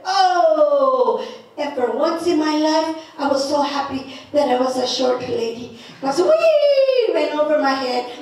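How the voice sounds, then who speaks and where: A woman telling a personal story in a lively, playful way, mixing in Spanish words. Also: sits high. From Northern New Mexico. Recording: echoey room, speaker far from mic.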